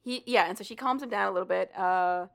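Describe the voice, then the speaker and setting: A woman's voice: mid-range voice, quick pace, creaky, a bit bright. A chatty woman co-hosting a casual book-recap podcast. She talks loosely, sprinkles in fillers and acts out the characters' lines as she goes. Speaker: podcast co-host.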